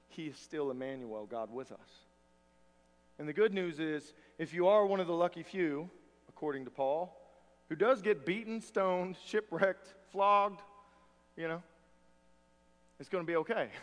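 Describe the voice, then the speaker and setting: A man preaching to his church in a high, carrying voice. He swings from loud, pressing emphasis to soft, wry asides. The sound rings with a long hall reverb. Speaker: pastor. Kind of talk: sermon.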